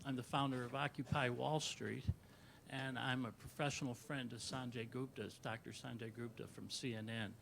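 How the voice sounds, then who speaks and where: A man speaking from the floor at a public meeting, halting and trailing off softly. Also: mid-range voice, level tone, vocal fry, slight background noise. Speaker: audience member giving public comment. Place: meeting hall.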